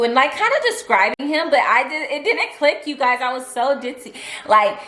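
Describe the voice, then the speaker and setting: A woman's voice: high voice, moderate pace, slight background noise. A young woman vlogger telling a personal story in a candid, chatty way, full of fillers and asides to her viewers. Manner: candid, chatty, animated retelling with many fillers. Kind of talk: storytime vlog. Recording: echoey room with faint music.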